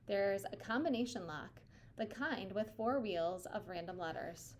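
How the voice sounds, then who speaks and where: A woman's voice: medium pitch, expressive, a little slow, slight background noise, natural voice. A woman reading aloud, voicing a clever, upbeat boy leading his team in a children's novel. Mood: eager.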